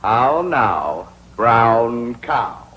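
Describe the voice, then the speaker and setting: A man's voice: medium pitch, very animated, unhurried, rough recording. An actor playing a pompous, lovestruck young society man in a 1960s sitcom, declaiming grandly.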